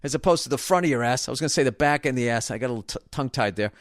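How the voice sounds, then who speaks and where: A man's voice: mid-range voice, very fast, dry recording, studio quality. A middle-aged man, ranting casually and profanely, often stumbling and restarting his sentences. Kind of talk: casual rant about baseball.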